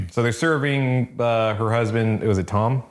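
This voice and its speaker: A man's voice: mid-range voice, measured pace, vocal fry. A man co-hosting a comic book podcast, chatting casually and profanely with offhand corrections and asides. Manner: laid-back, offhand, drops in corrections and asides.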